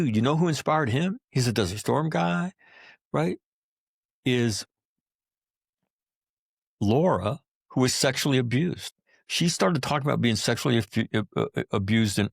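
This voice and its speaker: A man's voice: mid-range voice, creaky, no echo, clean studio sound. A middle-aged man, a veteran guest on a podcast, tells emotional personal stories in a blunt, profane way, often checking in with "right?" and "you know".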